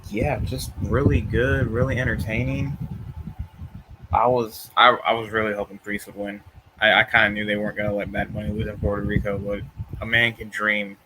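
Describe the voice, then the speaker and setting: A man's voice: lowish voice, bright, forceful tone, slight background noise, rough recording. A young man in casual chat, rambling and tired, yawning between thoughts, with many fillers and restarts. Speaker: vlogger reviewing wrestling shows.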